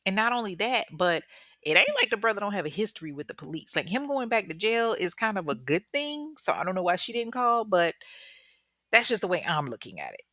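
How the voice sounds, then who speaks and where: A young woman, hosting a true-crime podcast, tells the story in casual, animated, joking talk and acts out the quotes. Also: brisk, no echo, studio quality. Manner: animated and joking, acts out quotes with big pitch jumps, laughs often.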